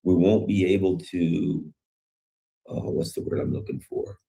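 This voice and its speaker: A man's voice: low voice, steady tone, unhurried, creaky, mellow. A man giving rambling, conversational commentary on world news, full of rhetorical questions. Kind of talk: casual political commentary.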